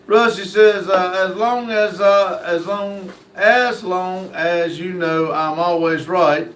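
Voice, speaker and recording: High-voiced man reading live chat. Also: steady tone, slow pace, a bit bright, slight background noise. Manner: folksy, easygoing, many "uh" fillers. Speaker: livestream host. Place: indoor room. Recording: echoey room.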